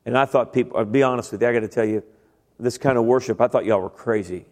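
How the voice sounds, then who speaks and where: A middle-aged man from an Italian-American family preaches a humorous sermon in a large church sanctuary, telling his story through stammering impressions, acted-out voices, and self-deprecating jokes. His medium-pitched voice is darkish and fast, with a long reverb tail.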